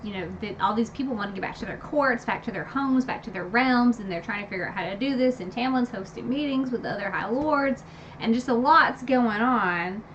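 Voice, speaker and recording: A woman casually retelling a fantasy novel's ending, animated and gushing, with lots of fillers and sudden high squeals when excited. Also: a little fast, dull audio, a little hiss or hum. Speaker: book review vlogger. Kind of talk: casual book recap.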